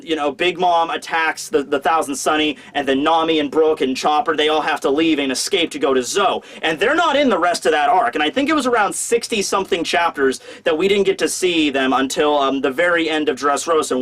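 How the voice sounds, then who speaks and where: Enthusiastic male reviewer with a high voice, chatty and rambling. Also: a bit bright. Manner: enthusiastic, rambling with many fillers. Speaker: manga reviewer. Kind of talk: casual chapter review.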